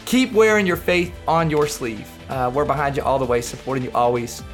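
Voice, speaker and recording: A man's voice: mid-range voice, animated, brisk, faint music behind. A male podcast host thanking his guest with effusive praise and closing out the show. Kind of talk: interview wrap-up and outro.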